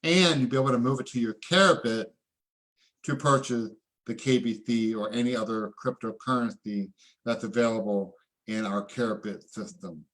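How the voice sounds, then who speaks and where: Excitable man hyping a live online event. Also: medium pitch, normal speed. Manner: excitable, preachy, calls for audience responses. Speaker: presenter. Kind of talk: online sales presentation.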